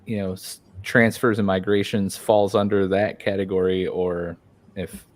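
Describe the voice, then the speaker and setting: A man hosting a casual podcast chat, a bit hoarse from losing his voice, talking loosely with many fillers and restarts. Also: sits low, flat delivery, a little slow. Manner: rambling, frequent fillers and restarts. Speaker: podcast host.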